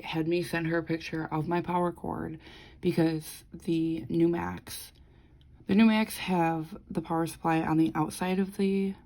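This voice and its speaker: A woman's voice: fairly low pitch, vocal fry, mellow, low-quality recording. A woman vlogger chatting casually as she decorates her planner, rambling through a story with lots of fillers and the odd swear.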